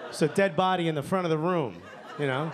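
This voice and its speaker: New york guy doing standup, slightly high voice, goes low and soft on punchlines, crowd laughing and noisy club behind. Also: quick pace. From New York area. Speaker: stand-up comedian. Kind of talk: stand-up set. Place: comedy club stage with laughing audience. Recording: live club recording with crowd noise.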